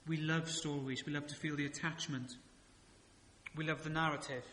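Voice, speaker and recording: Bright-toned male pastor in an echoey church. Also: a little high, fairly even intonation, normal speed, slight background noise. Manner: conversational preaching with rhetorical questions and humorous asides. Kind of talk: sermon. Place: church sanctuary. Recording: echoey church hall reverb.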